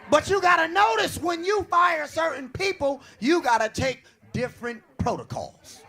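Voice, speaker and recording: A male stand-up comedian on a club stage, brash and profane as he tells stories. His voice is high, bright and animated, with wide swings in pitch, and a faint audience murmur behind. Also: moderate pace, some chatter behind. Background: live audience.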